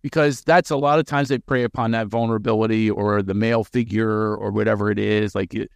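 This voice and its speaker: A man who works as a comedian, a guest on a podcast, telling stories with energy and jumping into quick character voices. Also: lowish voice, fairly even intonation, gravelly, no echo, clean studio sound. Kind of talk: animated podcast storytelling.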